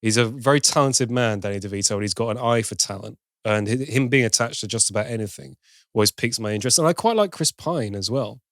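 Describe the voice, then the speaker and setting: A man's voice: fairly low pitch, fast talker, no echo, clean studio sound. A man co-hosting a film podcast, reading film news aloud and then musing about it with small restarts. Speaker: podcast co-host.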